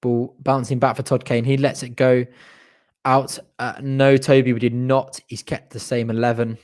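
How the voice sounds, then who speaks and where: A young man giving partisan, excitable fan commentary on a live match, cheering his team on and groaning at missed chances. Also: mid-range voice, normal speed.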